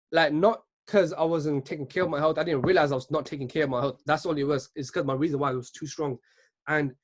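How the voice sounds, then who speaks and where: A man in his twenties giving an earnest motivational talk at a virtual business event, often checking in with "right?". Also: mid-range voice. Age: 20s. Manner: earnest, keeps asking "right?".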